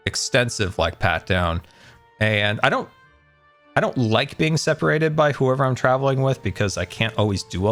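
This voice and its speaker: A man's voice: lowish voice, fairly bright tone. Exasperated man rambling through a story. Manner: rambling, frequent fillers and restarts, exasperated. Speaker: streamer telling a travel story. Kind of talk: casual storytelling.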